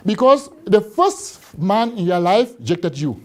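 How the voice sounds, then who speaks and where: A man's voice: sits high, sing-song, a little slow, hardly any pauses, a little mellow. A man, a Catholic priest talking on a live studio show, emphatic, repeating words and asking rhetorical questions. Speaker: Catholic priest and book author, studio guest.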